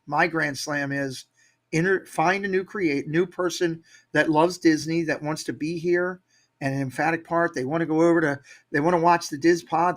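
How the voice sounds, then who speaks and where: A man with an upbeat, motivational manner, telling stories as a guest in a casual interview. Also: a little high. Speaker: guest, Disney YouTube creator.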